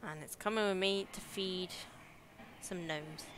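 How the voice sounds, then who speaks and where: Background noise accompanies a young woman whose lowish voice moves a little slowly. With her English Midlands accent, she chats casually and giggles while streaming a game, voicing her reactions to the scares.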